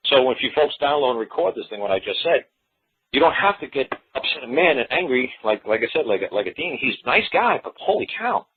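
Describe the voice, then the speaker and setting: With a medium-pitched, sing-song voice that's slightly rough, this talk show host moves at a fairly quick clip through a call-in monologue. His explanations come out blunt, folksy, and rambling, over tinny phone-line audio.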